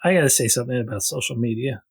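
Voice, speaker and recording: A man's voice: mid-range voice, very fast, vocal fry, breathy edge. A man co-hosting a casual podcast, retelling a film scene by scene and acting out the characters' lines. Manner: animated storyteller, acts out quotes. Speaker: podcast co-host. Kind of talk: casual chat recapping a film.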